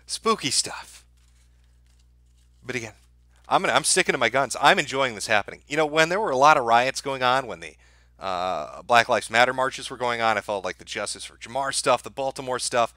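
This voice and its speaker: Here a male streamer fires off fast, profanity-filled, sarcastic commentary aimed at his chat, his intonation lively. His bright, forceful voice has a medium pitch, and the dry recording carries no room sound.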